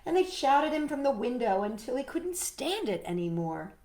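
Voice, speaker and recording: A woman hosting a children's storytime, reading a picture book aloud in a gentle, expressive way and chatting to a puppet. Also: sits high, moderate pace. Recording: roomy echo, faint music.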